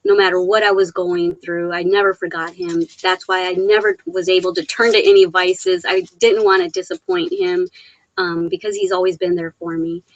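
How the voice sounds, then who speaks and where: Using a laptop mic at home, a middle-aged woman runs a casual live Q&A, reading comments, laughing often between sentences, and sounding close to crying. Her medium-pitched voice is expressive and creaky at a moderate pace, in a muffled recording with no room sound.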